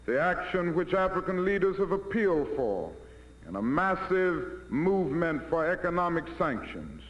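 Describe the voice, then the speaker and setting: An American man giving a formal public address, with a rhetorical style that builds on repeated phrases, in an archive recording from the 1960s. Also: high voice. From United States. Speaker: civil rights leader giving an address. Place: large hall before an audience. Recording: roomy, dull 1964 archive recording.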